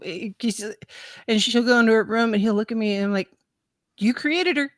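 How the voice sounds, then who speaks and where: A woman's voice: a little high, fast, no echo. A woman in her thirties chatting casually as a podcast co-host, telling stories with laughs and acted-out quotes. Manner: animated, laughing storyteller who acts out quotes. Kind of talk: casual chat, storytelling.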